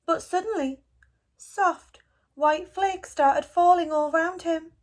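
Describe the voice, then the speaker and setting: A woman reading a children's picture book aloud for a school, in a gentle and expressive storytelling manner. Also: very high-pitched, slow.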